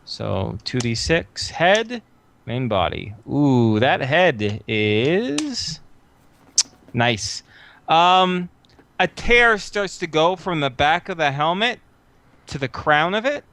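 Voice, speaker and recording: A man narrating a tabletop game as game master, thinking aloud with frequent filler pauses. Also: fairly high pitch, big pitch swings, vocal fry, fairly bright tone.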